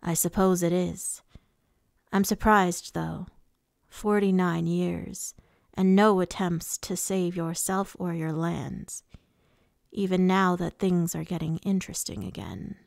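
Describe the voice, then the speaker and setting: A woman's voice: on the low side, fairly even intonation, slow, creaky, no room sound, studio quality. A woman reading the lines of a suave, menacing male fae lord, with a purring, taunting delivery.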